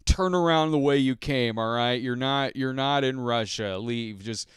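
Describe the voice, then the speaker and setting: A man's voice: medium pitch, a little slow, smooth, no room sound, clean studio sound, lightly acted. A man voicing an impatient villain talking over the radio, curt and dismissive. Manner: brusque, dismissive.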